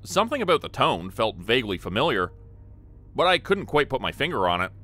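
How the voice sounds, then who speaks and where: Man narrating a scary story, bright voice. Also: medium pitch, sing-song, fairly quick. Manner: earnest, first-person storytelling. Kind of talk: scripted horror story narration.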